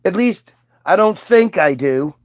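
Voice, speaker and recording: A man's voice: sits high, lively intonation, a little slow. A man from the United States hosting a casual livestream, reading chat aloud in a rambling, profane, self-mocking way.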